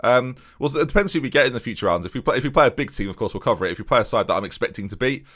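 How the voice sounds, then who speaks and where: A man's voice: mid-range voice, lively intonation, very fast, fairly bright tone. A man giving chatty let's-play commentary on a football management game, talking straight to his viewers. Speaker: video game streamer.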